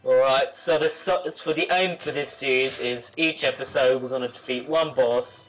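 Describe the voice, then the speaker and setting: A man's voice: medium pitch, fairly even intonation, moderate pace. A man joking and swearing while playing a game with friends. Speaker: gaming co-player. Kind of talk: casual gameplay chat. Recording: lo-fi voice chat with game music.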